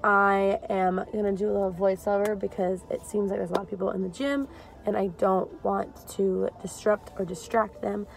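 A young woman chatting casually to camera as a fitness vlogger, animated and laughing often. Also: medium pitch, normal speed, gravelly, rough recording. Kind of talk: casual vlog chat to camera. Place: car, then gym.

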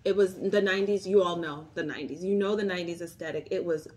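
A woman's voice: fairly low pitch, fairly even intonation, quick pace, a little mellow. A woman in her thirties chatting casually to her phone camera about luxury bags, bubbly and rambling with lots of asides. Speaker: vlogger reviewing luxury bags.

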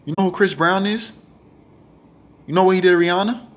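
A young man doing a comedy skit for his channel, loud and dramatic, swinging between pleading and yelling. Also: high voice, brisk. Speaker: comedy vlogger.

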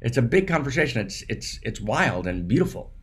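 A man with a husky, somewhat raspy voice holds forth in a public spiritual dialogue. He talks emphatically, stumbling over restarts and tacking on little checking questions as he builds an idea. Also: mid-range voice, very animated, brisk. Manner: emphatic, with many restarts and "right?" tags. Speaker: dialogue partner.

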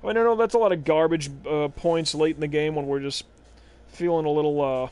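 A man's voice: a little high, a little fast, a little mellow, clean tone. A young man streaming a basketball video game, rambling in casual, sarcastic, profane commentary. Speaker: gaming livestreamer. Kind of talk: casual let's-play commentary.

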